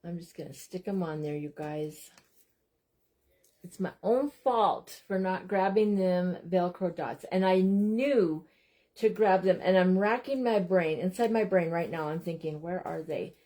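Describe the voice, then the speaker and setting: A woman's voice: fairly low pitch, a little slow, mellow. Woman, crafting livestream host; casual, chatty, self-deprecating, keeps addressing viewers directly.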